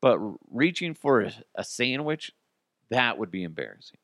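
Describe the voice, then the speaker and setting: A man hosting a comedy podcast, riffing on listener stories in a casual, profane, animated way. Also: mid-range voice, normal speed, dry recording, clean studio sound. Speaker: podcast host.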